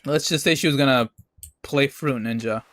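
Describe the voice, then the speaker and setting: A man's voice: mid-range voice, moderate pace, a bit bright, slight background noise. A young adult man streaming a game, telling a rambling, profane story in a casual, laid-back way. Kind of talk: casual storytelling while gaming.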